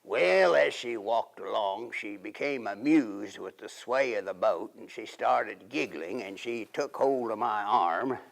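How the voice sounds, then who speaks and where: A man's voice: on the low side, lively intonation, a little slow, vocal fry, hardly any pauses. A middle-aged man, playing a folksy, rambling 1880s riverboat man and husband in a period monologue.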